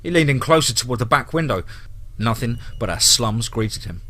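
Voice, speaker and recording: Guy reading a scary campfire story, bright clear voice, grim and dramatic. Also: medium pitch, animated, normal speed. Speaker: horror story narrator. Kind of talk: scripted horror narration.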